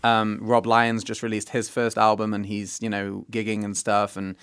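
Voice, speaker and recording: Young british performer guest, chatty and self-deprecating, close dry sound. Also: male voice, on the low side, monotone, normal speed, a bit bright, smooth, dry recording. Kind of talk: casual interview chat.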